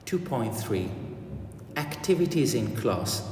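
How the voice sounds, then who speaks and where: A man's voice: mid-range voice, a little slow, a little mellow, a little hiss or hum. A man teaching classroom English who acts out the teacher phrases in a raised voice. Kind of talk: lecture on classroom language. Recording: echoey room, far from the mic.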